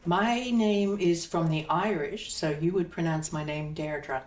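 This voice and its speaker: Speaking fairly low and unhurried with a darkish tone, a woman who acts chats as an interview guest, rambling and frequently laughing. It's casual talk, recorded with a faraway mic in an echoey room with faint noise.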